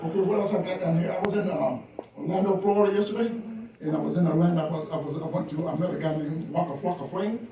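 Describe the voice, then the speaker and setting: A man's voice: high voice, fast, noisy background. Older man doing stand-up in an echoey club. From Georgia. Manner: playful, teasing, chuckles at own jokes. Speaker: stand-up comedian. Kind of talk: live stand-up comedy. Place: large comedy club. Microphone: phone camera from the audience. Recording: echoey club from far off, loud crowd. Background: audience laughter.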